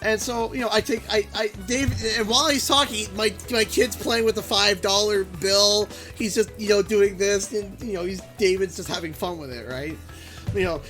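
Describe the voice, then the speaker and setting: A young Canadian man live-streaming, telling a rambling, animated anecdote full of restarts. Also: high voice. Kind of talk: casual live-stream storytelling. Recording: game music playing underneath. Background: game music.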